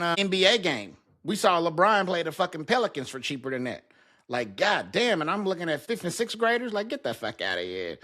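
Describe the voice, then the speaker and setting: A man's voice: medium pitch, a bit bright. Profane man venting alone in a basement. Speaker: podcast host. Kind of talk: casual solo monologue. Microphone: talking to a camera.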